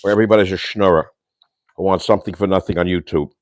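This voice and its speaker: An older man with a very deep, low voice hosts a casual livestream from his home kitchen. He rambles and rants, throwing insults and Yiddish slang. The sound is dry and close, with no room echo. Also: fairly even intonation, fast talker. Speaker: host.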